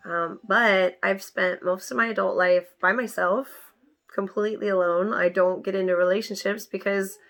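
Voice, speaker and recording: A young woman speaks straight to her viewers, recounting her past with candid, emphatic energy. Her voice is bright and clear, sitting in an ordinary middle register. She leans hard on key words as she retells what happened. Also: medium pitch. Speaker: vlogger. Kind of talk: personal storytelling to camera.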